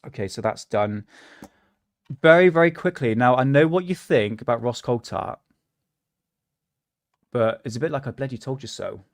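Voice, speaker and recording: A man's voice: medium pitch, lively intonation, normal speed, long pauses, no room sound, clean studio sound. Rambling sweary British man hosting a livestream. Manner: rambling, swears often, laughs at himself. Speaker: livestream host. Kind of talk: casual livestream chat.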